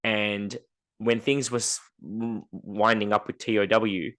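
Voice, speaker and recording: A man's voice: fairly low pitch, slow pace. A man co-hosting a podcast in casual chat, telling stories and acting out what other people said in a raised voice. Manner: animated storyteller, acts out dialogue in raised voice. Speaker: podcast co-host.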